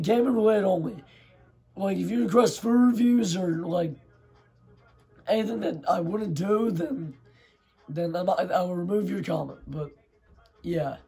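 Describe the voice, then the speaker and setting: Hoarse high-voiced man commentating a game. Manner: excitable, shouts at plays. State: hoarse, losing his voice. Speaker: gaming channel host. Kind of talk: casual gameplay commentary.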